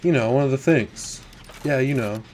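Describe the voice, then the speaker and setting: Playing a horror game for his YouTube channel, a man talks casually at normal speed in a medium-pitched, slightly mellow voice over a little hiss or hum. Nervous and jittery, he shifts from mumbled worry into sudden swearing and occasionally whispers.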